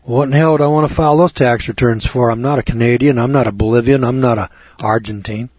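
A man's voice: medium pitch, steady tone, fast, darkish tone, husky, dry recording. A man lecturing to students in a folksy way, piling up rhetorical questions and repeating them for effect. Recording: dull lo-fi recording.

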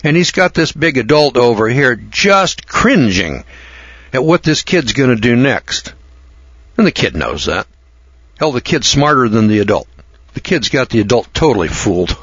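A man rambles through a blunt, mocking, opinionated monologue and repeats his words. His voice is husky and the recording is dry. The sound is dull and lo-fi. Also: medium pitch, big pitch swings, normal speed, a bit bright, no echo.

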